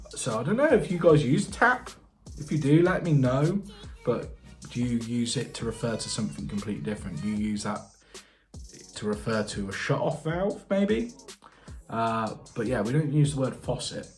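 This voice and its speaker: Chatty British man thinking aloud. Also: medium pitch. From United Kingdom. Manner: chatty, thinks aloud, asks viewers questions. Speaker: plumber and channel host. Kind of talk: casual reaction vlog.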